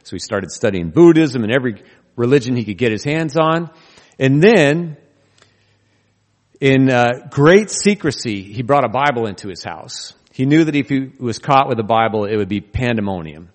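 A man's voice: medium pitch, lively intonation, moderate pace. A man in the pulpit, delivering a sermon as a storyteller, earnest and now and then wry. His voice sits in an ordinary middle range. The sound carries a long reverb, like a large sanctuary. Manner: storytelling, earnest with touches of humor. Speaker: pastor.

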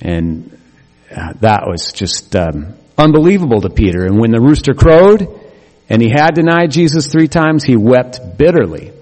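A man preaching a sermon as a pastor, conversational and humorous, with quick asides. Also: medium pitch, expressive, darkish tone. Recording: echoey hall with long reverb.

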